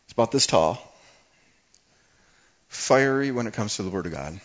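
A man's voice: on the low side, expressive, moderate pace. Fiery man preaching a sermon, lo-fi. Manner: builds from quiet to fiery, emphatic preaching. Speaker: pastor.

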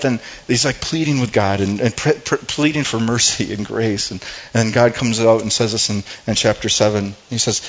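A man preaching a sermon at a middle pitch, talking to his church in a loose, conversational way. He often repeats and restarts his words as he goes. The recording sounds slightly dull and lo-fi. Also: fairly even intonation, moderate pace. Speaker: pastor.

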